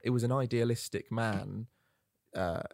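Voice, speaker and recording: A man in a casual film discussion, speaking in a measured, thoughtful way. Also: medium pitch, fairly even intonation, creaky, a little mellow, no echo, studio quality.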